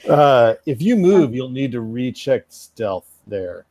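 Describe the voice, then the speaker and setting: A man narrating a tabletop game as game master, describing scenes in a halting way with fillers. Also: mid-range voice, big pitch swings, a little mellow, no room sound.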